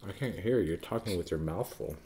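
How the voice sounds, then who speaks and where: A man in his thirties hosting a family vlog, chatting gently and patiently with his child between bites of food. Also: deep voice, fast talker, a little hiss or hum. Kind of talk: casual family chat while eating.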